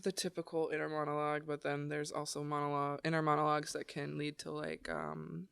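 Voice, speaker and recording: Podcast co-host, woman; gravelly yet smooth voice, chatty and rambling, dry close mic. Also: sits low, monotone, brisk, a bit bright, no echo. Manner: chatty, loose, trails off mid-sentence. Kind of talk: casual chat.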